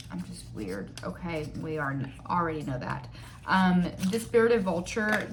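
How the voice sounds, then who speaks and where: A young woman vlogger talks slowly and unhurriedly as she does her makeup, wandering off into jokes at her own expense. Her voice sits a little low, and a faint hum of room noise runs underneath. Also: a bit bright. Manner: rambling, joking and self-mocking; reads figures aloud from a screen. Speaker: beauty vlogger. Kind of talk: casual chat while doing makeup.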